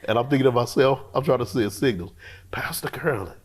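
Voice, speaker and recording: Husky-voiced man telling a church story. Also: medium pitch, brisk. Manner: expressive, colloquial storyteller who acts out his own inner voice. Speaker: pastor, guest. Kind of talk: storytelling testimony in an interview.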